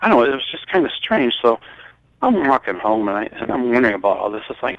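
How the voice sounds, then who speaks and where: An older man from Michigan recounting a personal story in a halting, rambling way, full of restarts. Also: mid-range voice, wildly swooping pitch, dry recording, dull audio. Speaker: guest.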